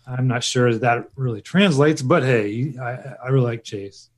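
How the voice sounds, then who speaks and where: A man's voice: medium pitch, moderate pace. Hesitant man in casual chat. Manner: hesitant, many restarts and fillers. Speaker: podcast co-host.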